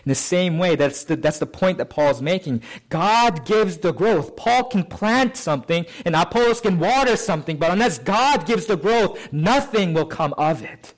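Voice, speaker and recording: A man preaching a sermon as pastor, in a conversational way, often asking "right?" and lifting and slowing his voice on key phrases. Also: animated. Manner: conversational, often adds "right?" to check with listeners; lifts pitch and slows to stress key phrases.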